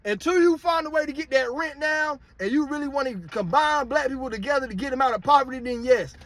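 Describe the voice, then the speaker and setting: Blunt, high-pitched man ranting. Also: fast talker, a bit bright, dry recording. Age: 30s. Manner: blunt, heated, profane. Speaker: vlogger. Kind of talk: casual rant to camera.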